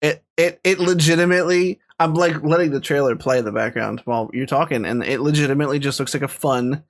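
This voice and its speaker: A man's voice: fairly high pitch, fast. A man co-hosting a casual podcast, rambling enthusiastically with lots of restarts. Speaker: podcast co-host. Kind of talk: casual chat.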